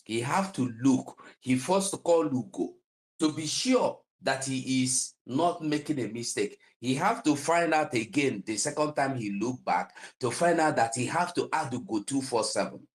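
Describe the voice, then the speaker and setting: A man on a talk show, telling a story with frequent laughter. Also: moderate pace. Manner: animated storytelling, laughs often, lively pitch. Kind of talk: casual chat.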